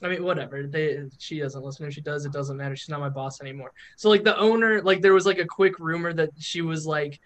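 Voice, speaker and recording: A man's voice: on the high side, fairly even intonation, fast, hardly any pauses, fairly bright tone. A man hosting a podcast in casual chat, rambling through stories with lots of filler words. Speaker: podcast host.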